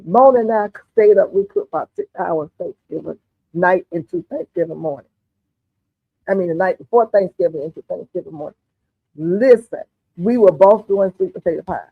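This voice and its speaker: A woman's voice: fairly low pitch, expressive, normal speed, breathy edge, no echo. A woman hosts a gardening livestream, chatting with viewers in a folksy way and calling them honey and darling. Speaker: gardening channel host. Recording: tinny phone-like audio, dry.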